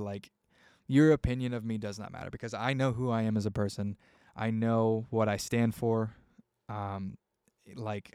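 Young male podcaster, gravelly, low-pitched, loose heartfelt ramble with fillers. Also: darkish tone, no room sound, clean studio sound. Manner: rambling, heartfelt, swears freely, many fillers. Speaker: podcast host. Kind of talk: casual solo podcast talk.

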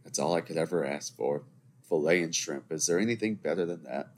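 His voice is very deep and brisk, with a bit of hiss or hum in the background. He's a man in his twenties at a computer indoors, rambling through a solo podcast with joking remarks to his audience.

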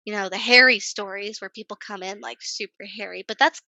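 A young woman working as an esthetician, telling a workplace story as a podcast guest in a lively, chatty way, acting out the people she quotes. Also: mid-range voice, fairly quick, gravelly, no echo, dull audio. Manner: animated, acts out quoted voices, chatty with many fillers. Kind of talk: casual storytelling interview.

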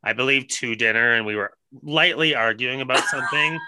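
A man's voice: mid-range voice, fairly quick, bright, forceful tone, rough recording. A young man in casual podcast chat, telling stories wryly and swearing casually. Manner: wry storytelling, swears casually.

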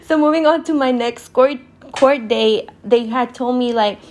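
A woman's voice: on the high side, a little slow, a little hiss or hum. Chatty profane young woman telling stories. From California. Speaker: podcast host. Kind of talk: casual storytime.

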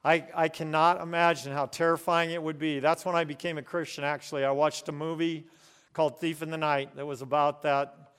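A man from the United States preaching a sermon to his congregation in earnest, often chuckling and slowing down to stress key words. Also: a little high, flat delivery, fairly bright tone, smooth, long reverb tail. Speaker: pastor. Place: church room with congregation.

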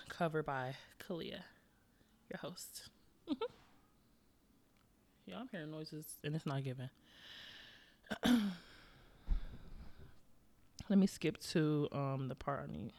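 A woman's voice: fairly low pitch, a bit bright. A young woman hosting her own podcast, talking casually and directly to her listeners with lots of slang. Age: young adult. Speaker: podcast host. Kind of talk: casual solo podcast chat.

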